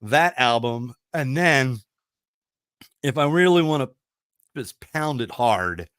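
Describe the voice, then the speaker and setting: A man's voice: mid-range voice, animated, takes it slowly, a bit bright, clear, resonant tone, no room sound, studio quality. A middle-aged man hosting a radio talk show, chatting casually and rambling with enthusiasm, full of fillers and restarts. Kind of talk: casual chat.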